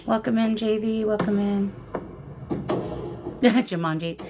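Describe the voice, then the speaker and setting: A woman's voice: medium pitch, fairly even intonation, slow, music in the background. A woman hosting a paranormal livestream in casual chat, greeting viewers with affectionate pet names over a phone camera. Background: shamanic drumming.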